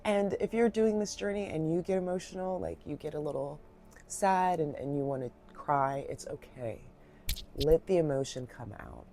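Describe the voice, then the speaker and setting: A woman giving a reflective guided Reiki talk, soft-spoken, heartfelt and rambling, with many fillers, a little emotional. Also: deep voice, moderate pace, a little hiss or hum. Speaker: Reiki practitioner.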